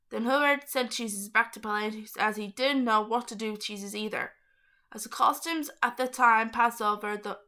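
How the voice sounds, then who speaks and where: Young girl reading a bible story out loud, bright kinda high voice, chatty side comments. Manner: stumbles over hard names, chatty asides.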